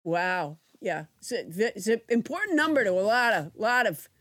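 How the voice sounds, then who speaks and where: A woman's voice: mid-range voice, very animated, moderate pace, a bit bright, no echo, clean studio sound. A woman hosting a comedy podcast, sentimental and self-mocking. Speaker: host.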